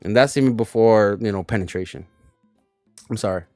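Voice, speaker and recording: Low voiced dude rambling on his stream, dry mic, bit of music under it. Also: fairly quick, a little mellow, no room sound. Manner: loose, rambling, crude humor. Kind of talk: casual reaction stream.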